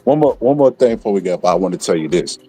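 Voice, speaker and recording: A man's voice: low-pitched, animated, quick pace, dark tone, breathy edge, faint music behind. A man speaking as a guest on a casual livestream chat, earnestly telling stories and giving advice. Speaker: guest commentator.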